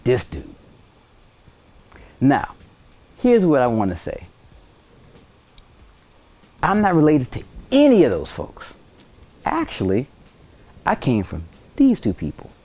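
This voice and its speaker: Male science teacher, unhurried and very expressive delivery; tells classroom stories and acts out quoted voices. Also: medium pitch. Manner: animated storytelling with playful voices for quoted people. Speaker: high school science teacher. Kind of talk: video science lesson.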